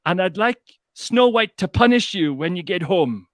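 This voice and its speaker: A man's voice: sits high, expressive, normal speed, no room sound, studio quality, voice pushed up. A man voicing a large, proper Glaswegian woman who firmly scolds a rude passenger, with a Glaswegian accent. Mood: scolding. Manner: firm, scolding, formal.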